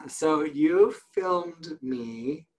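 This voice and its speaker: A man's voice: a little high, animated, very slow. A man co-hosting a podcast, telling a story about himself in casual chat and laughing often. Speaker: podcast co-host.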